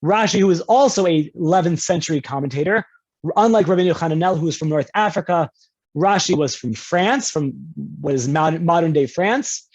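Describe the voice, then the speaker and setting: A man lecturing to a class over a video call, relaxed and conversational. He keeps checking in with his listeners and jumps up in pitch when he quotes someone in an example. The audio is dull and lo-fi. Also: normal speed. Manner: conversational, often checks in with "right?". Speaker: rabbi teaching a class. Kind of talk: online lecture on Jewish law.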